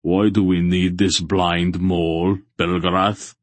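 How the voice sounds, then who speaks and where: Man doing a blunt giant male warrior, impatient, deep voice, husky. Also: flat delivery, takes it slowly, no echo. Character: huge red-bearded male warrior, blunt and gruff. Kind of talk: audiobook character voice.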